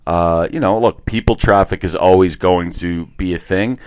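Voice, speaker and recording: A man's voice: deep voice, normal speed, clear, resonant tone, no room sound. A man co-hosting a podcast from a hotel room, chatting casually and laughing as he tells stories. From Florida. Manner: laughing, animated storyteller, plays up a lost voice as a joke. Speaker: podcast co-host. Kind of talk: casual chat.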